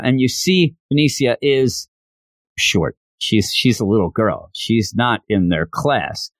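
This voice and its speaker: A man giving an enthusiastic, rambling recap of an animated series. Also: mid-range voice, takes it slowly, no echo. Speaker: show reviewer. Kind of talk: casual recap.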